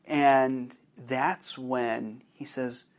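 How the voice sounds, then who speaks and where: A man hosting a podcast, telling a personal story in a halting way with many fillers and restarts. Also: medium pitch, flat delivery. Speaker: podcast host.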